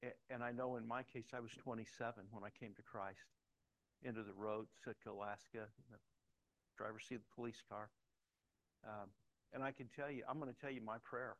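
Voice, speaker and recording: A man's voice: medium pitch, fairly even intonation, a little fast, fairly bright tone, rough recording. A middle-aged man preaching a sermon, telling personal stories in a conversational way and growing emphatic at times. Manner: conversational storytelling, emphatic at points. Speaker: pastor.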